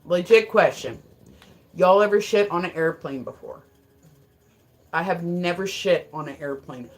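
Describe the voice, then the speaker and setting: A woman's voice: lowish voice, a little slow. A woman live streaming in a casual, rambling, frank and joking way, with lots of filler words.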